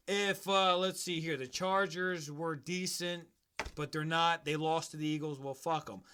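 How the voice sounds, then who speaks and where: High-voiced, sharp-toned ranting man. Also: smooth. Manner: profane, heated, mocking. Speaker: podcast host. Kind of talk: casual sports podcast rant.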